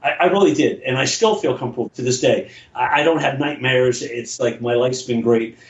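A man with a mid-range voice recounts a lengthy personal tale in a casual conversation, stumbling and starting over many times and performing the other characters' voices. The recording sounds echoey and dull, with lo-fi quality.

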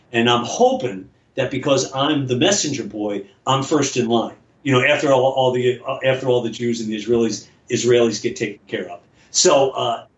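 A man telling a long personal story in casual chat, rambling and halting, with many restarts. He acts out the voices of the people in his story. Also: medium pitch. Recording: echoey, dull lo-fi audio.

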